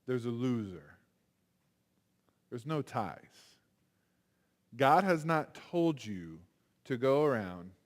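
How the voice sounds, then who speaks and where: Animated man preaching in a reverberant chapel. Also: mid-range voice. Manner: animated, conversational preaching with acted-out quotes. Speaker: chapel speaker. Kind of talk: sermon. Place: university chapel. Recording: long hall reverb.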